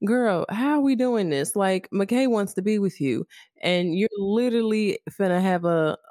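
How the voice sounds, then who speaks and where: A woman's voice: medium pitch, normal speed, warm tone, no room sound, studio quality. A woman co-hosting a casual chat about a TV show, blunt and profane, giving emphatic opinions. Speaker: podcast co-host.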